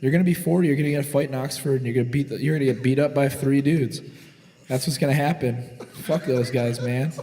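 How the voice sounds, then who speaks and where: A man's voice: mid-range voice, fast, warm tone, big-room sound. Profane, swaggering forty-year-old man in a garage. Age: 40s. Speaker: podcast co-host. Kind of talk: casual storytelling chat.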